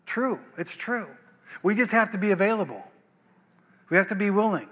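High, bright-voiced older male preacher. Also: animated, normal speed. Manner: conversational preaching, repeats words and checks in with "right?". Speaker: pastor. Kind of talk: sermon. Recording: long hall reverb.

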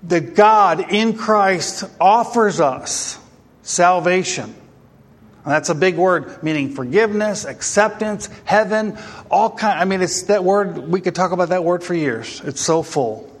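A man's voice: sits high, animated, a little slow. A man preaching a sermon to a congregation, emphatic and full of rhetorical questions. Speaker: pastor. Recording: long hall reverb.

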